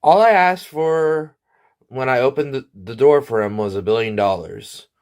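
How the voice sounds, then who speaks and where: A man telling an absurd comic story in a deadpan, rambling way, full of restarts and asides. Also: medium pitch, normal speed.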